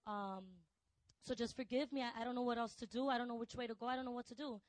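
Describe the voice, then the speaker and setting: A woman telling a personal testimony, soft and hesitant with many fillers, turning intense. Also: on the high side, fairly even intonation, quick pace, no echo, rough recording. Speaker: testimony speaker.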